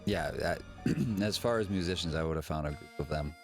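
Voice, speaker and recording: Man, tabletop player, very deep voice, halting, dry jokes. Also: faint music behind. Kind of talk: casual chat in a tabletop game.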